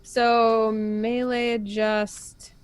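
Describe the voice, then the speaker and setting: A woman's voice: fairly high pitch, level tone, extremely slow, clear, resonant tone. Hesitant woman playing a paladin. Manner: hesitant, asks questions, trails off. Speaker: player. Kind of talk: playing a tabletop game.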